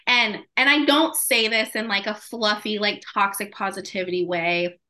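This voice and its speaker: Woman podcast host, casual and chatty, bright and forceful tone. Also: mid-range voice, steady tone, normal speed. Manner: chatty, peppered with "like" and laughs.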